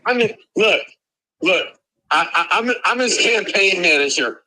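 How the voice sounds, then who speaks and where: A man calling into a podcast in casual chat, excitable and stammering, often laughing. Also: high-pitched, a little slow, low-quality recording.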